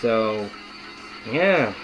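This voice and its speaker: A man's voice: on the low side, expressive, extremely slow, muffled recording, music in the background. A young man giving an enthusiastic, rambling video-essay commentary on a cartoon. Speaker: video reviewer.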